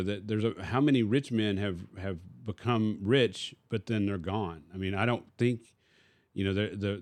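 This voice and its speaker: A man's voice: lowish voice, a little mellow, dry recording. A man, a pastor, teaching casually in a discussion and posing rhetorical questions to his listener.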